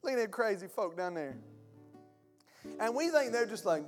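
A man's voice: high-pitched, big pitch swings, moderate pace. Impassioned male pastor in echoing hall. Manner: impassioned, colloquial preaching. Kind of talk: sermon. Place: church hall with chairs. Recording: long hall reverb with faint guitar.

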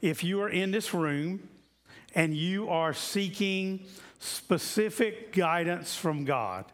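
Man preaching in a slightly higher voice. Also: lively intonation, a bit bright. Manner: conversational preaching, repeats for emphasis, slows down on key phrases. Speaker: pastor. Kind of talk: sermon. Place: church room with congregation.

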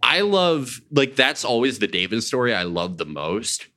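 A man of medium pitch, speaking at normal speed with big pitch swings and a bright, forceful tone, tells old stories animatedly in casual conversation. He swears freely and acts out the quotes, and his listed background is Jewish identity rather than a language.

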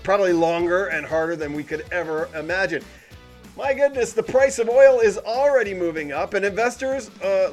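A man hosting a weekly commentary show, talking in a sarcastic, cynical tone with animated emphasis. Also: sits high. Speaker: podcast host. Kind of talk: sardonic commentary monologue.

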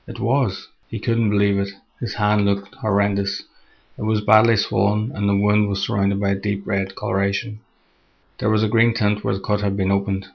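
Male horror story narrator, low flat voice, gravelly fry, dull lo-fi recording. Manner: steady, measured reading.

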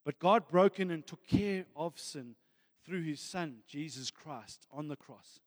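A man's voice: a little high, unhurried, big-room sound. A man preaching a fervent sermon as a pastor, often calling out "friends" and "amen.".

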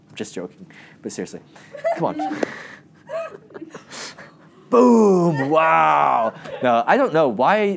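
This Christian teacher's voice is on the low side, heard over slight background noise. He teaches the Bible casually and with humor, joking and animatedly acting out quoted lines in raised voices.

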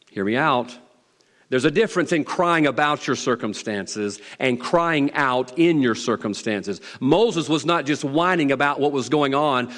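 A man's voice: medium pitch, fairly bright tone. A man with a Southern US accent preaching a sermon as pastor, folksy and teasing, repeating key lines for emphasis. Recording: long reverb of a hall.

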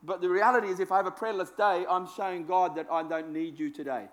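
Male pastor, sermon, high voice, conversational, repeats phrases. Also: steady tone, quick pace.

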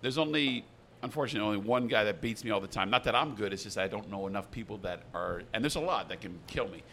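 Fast-talking brash man bantering. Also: fairly low pitch, expressive, vocal fry, bright, forceful tone, slight background noise. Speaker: podcast co-host. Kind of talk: casual chat.

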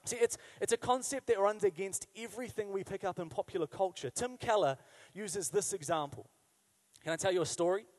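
A man's voice: high-pitched, a little fast. A man preaching a sermon in a conversational style. He asks the listeners questions and repeats key phrases for emphasis. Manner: emphatic repetition. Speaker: pastor.

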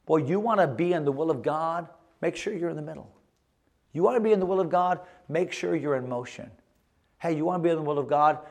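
A man preaching a sermon as pastor, emphatic, swinging between loud exhortation and quiet earnest asides. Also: on the high side. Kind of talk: energetic sermon to young people.

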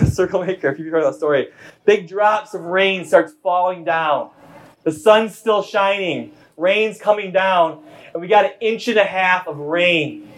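Animated preaching man, higher voice. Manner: animated, acts out a child's voice and rises to shouts. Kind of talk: sermon storytelling.

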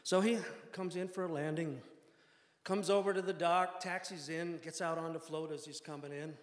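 A man's voice: a little high, fairly even intonation, moderate pace. An older man telling a personal story to a live audience in a wry, self-deprecating way, often laughing through his lines. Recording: echoey hall with long reverb.

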